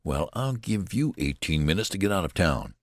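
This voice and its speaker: A man's voice: deep voice, sing-song, moderate pace, no echo, studio quality. A man voicing a stern, irritated male college registrar with a curt, scolding manner.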